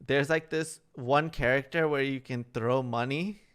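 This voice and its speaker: A young podcast co-host chats casually, telling rambling stories packed with fillers. His mid-range voice is steady, fairly bright and smooth, at a measured pace.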